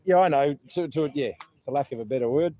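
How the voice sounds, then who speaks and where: A man's voice: fairly high pitch, fast talker, warm tone. A middle-aged Australian man casually chatting while filming outdoors at a protest camp, jovial and laughing often.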